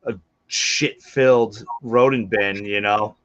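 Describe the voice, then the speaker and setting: A man telling profane, animated stories as co-host of a reptile livestream. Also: fairly low pitch, takes it slowly. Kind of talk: casual storytelling chat. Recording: dull lo-fi stream audio.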